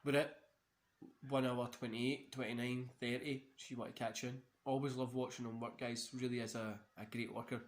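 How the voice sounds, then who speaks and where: A Scottish man in his thirties chats loosely through a wrestling watch-along. He rambles, laughs often and drops in local words like wee and yous, in an easygoing and unscripted way. His pitch sits in an ordinary middle range for a man. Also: level tone, normal speed. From Scotland. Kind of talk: casual commentary while watching.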